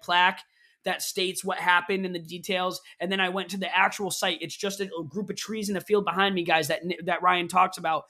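A man co-hosting a laid-back podcast, his voice sitting high. He rambles, teases his co-host and flares into loud mock outrage. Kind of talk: casual podcast banter.

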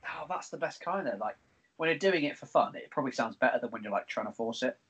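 A man hosts a relaxed podcast conversation. He talks in a chatty, excitable way with casual swearing, at a middle pitch. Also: fast, slightly rough, lo-fi sound. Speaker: podcast host. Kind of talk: casual chat.

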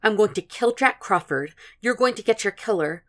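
A woman's voice: mid-range voice, very animated, moderate pace, a bit bright, pitched above the performer's own voice. A woman reading the lines of a worried, exasperated wife who asks tense, pointed questions in a raised voice. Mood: angry.

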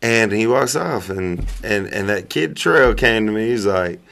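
A man telling a story in a casual chat, animated and profane, often laughing. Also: lowish voice, a little slow, vocal fry. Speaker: storyteller among friends.

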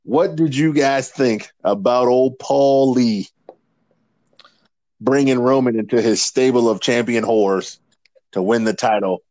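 A man co-hosting a casual podcast, telling stories in a profane, animated way. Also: medium pitch, unhurried, no room sound. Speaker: podcast co-host. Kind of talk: casual chat.

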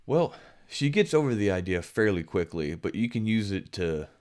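In a laid-back video game podcast, this male co-host speaks at a moderate pace with a fairly low, clean-toned voice. His casual chat rambles along, packed with fillers.

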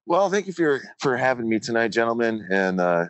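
A man who is a podcast guest, telling stories in a casual, animated way with slang. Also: medium pitch, brisk, dry recording. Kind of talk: casual chat.

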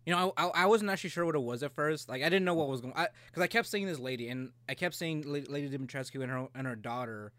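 A man's voice: a little high, fast talker, hardly any pauses, a bit bright, no echo. A man in casual chat, talking loosely, swearing freely and trailing off mid-thought.

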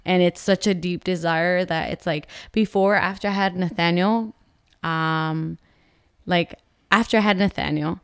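A woman's voice: lowish voice, steady tone, unhurried, clean tone, no room sound, studio quality. A woman in her thirties, a mother co-hosting a vlog, talking earnestly and openly about her feelings with many casual fillers. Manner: earnest and open, with frequent fillers. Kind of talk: candid personal vlog talk.

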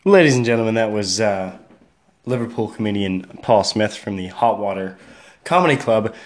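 A man with a fairly low, animated voice wraps up his own podcast at a moderate pace. The casual sign-off is loose and hesitant, packed with fillers.

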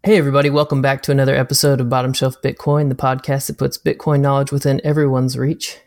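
A man's voice: medium pitch, fast talker. Podcast host man, casual and hesitant. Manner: relaxed, hesitant with fillers. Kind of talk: casual interview chat.

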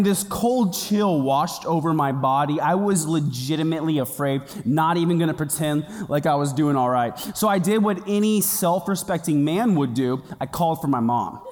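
High-voiced man preaching in a reverberant hall. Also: normal speed. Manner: humorous storytelling with quoted voices. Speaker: pastor. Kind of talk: sermon. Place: church auditorium.

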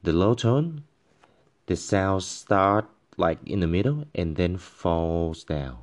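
During a tone pronunciation lesson, a male language teacher patiently explains tones, demonstrating each one by voicing syllables and musical notes. His low, expressive voice halts frequently with fillers.

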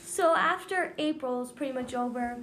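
A woman's voice: high voice, normal speed, a bit bright, a little hiss or hum. A teenage girl chatting casually as a student co-host, giggly and chatty, with lots of fillers. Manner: giggly, chatty, says "like" a lot. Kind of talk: casual chat.

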